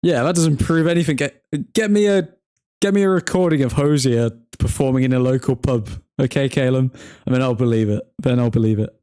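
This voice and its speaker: A man's voice: medium pitch, a little fast, mellow, no room sound, studio quality. A young man hosting a football watchalong stream, joking and bantering with viewers in the chat and laughing often. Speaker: livestream host reading chat.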